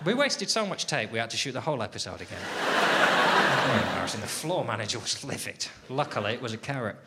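A man's voice: medium pitch, fast talker. A man doing a stand-up routine, telling stories in an exasperated, sweary way. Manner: sweary, exasperated, animated storytelling. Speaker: stand-up comedian. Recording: loud background noise.

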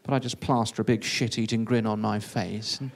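A man's voice: on the low side, steady tone, brisk, gravelly. A man telling a comic first-person story in a self-deprecating, conversational way.

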